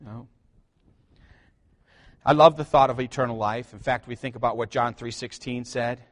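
A man preaching to his church, animated and joking, calling out to the congregation for responses. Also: mid-range voice, normal speed. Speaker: pastor. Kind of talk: sermon. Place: church sanctuary.

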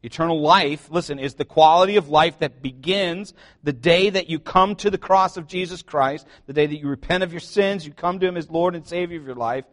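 A man preaching to his church, animated and joking, calling out to the congregation for responses. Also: fairly high pitch, a little fast, hardly any pauses. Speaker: pastor. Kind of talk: sermon. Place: church sanctuary.

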